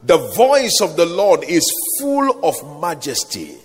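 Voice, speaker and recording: A man's voice: a little high, wildly swooping pitch, takes it slowly, husky. A man preaching a sermon, reciting scripture and calling the congregation to answer back. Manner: dramatic, call-and-response preaching with scripture recitation. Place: large hall or outdoor gathering. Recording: echoey hall reverb.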